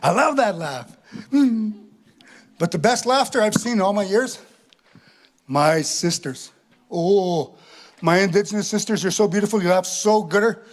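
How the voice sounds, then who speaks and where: A man doing stand-up storytelling at a live venue, animated, ending lines with a questioning "eh". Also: high voice, moderate pace. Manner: animated, tag questions with "eh", acts out laughs. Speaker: comedian.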